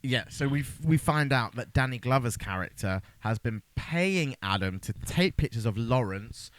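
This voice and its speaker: Guy cohosting a film podcast, chatty, mid pitch, dry close mic. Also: animated, normal speed, a bit bright, no room sound. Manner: chatty, acts out lines from the film in a raised voice. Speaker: podcast co-host. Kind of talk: casual chat recapping a film.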